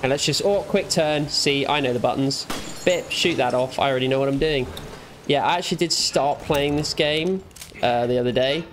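A man's voice: medium pitch, normal speed, a little hiss or hum. A young man giving playful let's play commentary, teasing and talking back to the game's characters. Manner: jokey, teasing, talks back to game characters. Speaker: gamer.

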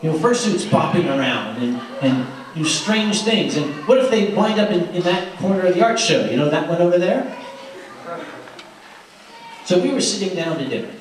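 A man tells anecdotes to a convention crowd in a lively, fairly high voice that rises and falls a lot. He talks conversationally with restarts, and the sound is echoey and far from the mic with faint noise. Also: moderate pace. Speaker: storyteller. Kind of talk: anecdotal storytelling to a live audience. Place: convention room.

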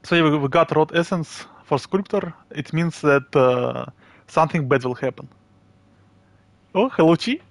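A man with a Russian accent chatting casually and haltingly with viewers while streaming a game. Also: mid-range voice, creaky, dry recording. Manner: chatty, halting, reads chat aloud and laughs often. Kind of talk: live game stream chat.

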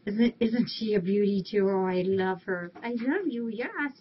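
A woman's voice: medium pitch, expressive, unhurried. A woman volunteering at a cat rescue, chatting casually on a live stream and cooing affectionately at the cats. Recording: dull lo-fi stream audio, faint hiss.

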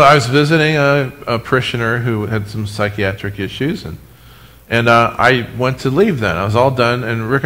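A man preaching a sermon as pastor, animated, with humorous asides, speaking to his congregation and online viewers. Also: mid-range voice. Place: church sanctuary, recorded for live stream.

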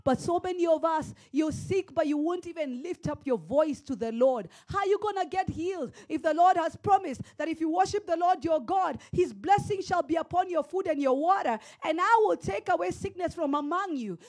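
A woman's voice: extremely high pitch, lively intonation, moderate pace, hardly any pauses, a little mellow. A woman pastor preaching a sermon at a church service, building to emphatic, repeated calls. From Kenya. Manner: preaching with rising emphatic repetition.

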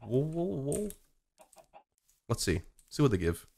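Excitable, swearing young man streaming games. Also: medium pitch, slow pace, creaky, pauses often, very noisy. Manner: excitable, swears a lot, yelps and laughs at surprises. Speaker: game streamer. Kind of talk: live gameplay commentary.

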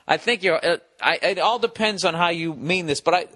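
A man's voice: sits high, brisk, hardly any pauses, sharp tone. A man hosting a comedy podcast, rambling through a listener email with profane, sardonic asides. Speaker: podcast host. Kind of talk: comedic solo podcast rant.

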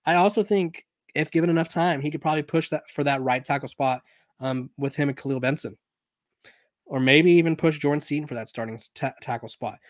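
A man's voice: a little high, brisk, no echo, studio quality. A man hosting a sports podcast in a casual, conversational way, often restarting and correcting himself, while he has the hiccups. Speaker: podcast host.

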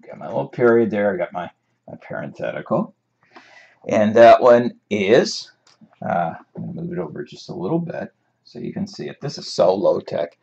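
A man's voice: fairly low pitch, sing-song, moderate pace, creaky, a little mellow, husky. A man teaching a writing class in a chatty, wry way, laughing now and then at his examples. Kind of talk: classroom lecture on paraphrasing. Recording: dull lo-fi recording.

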